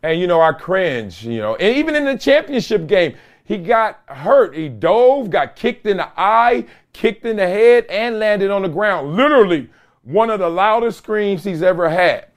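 A middle-aged man hosting his own podcast, with a voice a touch higher than most men's. He tells stories emphatically and drives his points home with repeated lines and casual slang. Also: sing-song, moderate pace. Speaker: podcast host. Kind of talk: solo podcast monologue.

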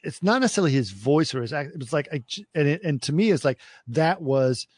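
A man's voice: on the high side, animated, fast talker, darkish tone, breathy edge, dry recording, studio quality. A man from Texas, chatting casually on a podcast, rambling and emphatic, with lots of restarts and checks of "right?". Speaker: podcast co-host. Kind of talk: casual chat.

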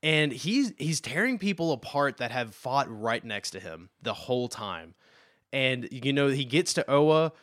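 A man's voice: mid-range voice, measured pace, no room sound, studio quality. A man co-hosting a casual podcast, telling a comic book story with energy and acting out quotes. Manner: excited storytelling with quoted voices. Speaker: podcast co-host.

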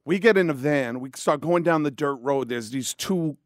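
A middle-aged man telling a story in casual chat, profane and animated. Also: fairly high pitch, moderate pace, no echo, studio quality. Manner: profane, animated, acts out voices.

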